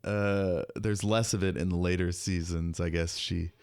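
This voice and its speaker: Deep-voiced joking man, dry close mic. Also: fairly even intonation, creaky, darkish tone, clean tone, no room sound. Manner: joking, chatty, quick to laugh. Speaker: podcast host. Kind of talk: casual chat.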